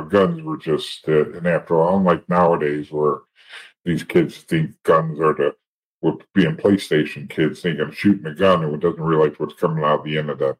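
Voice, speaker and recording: A middle-aged man telling rough stories in a blunt, profane way, rambling with frequent restarts. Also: very deep voice, rough recording. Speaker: guest. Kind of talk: casual storytelling.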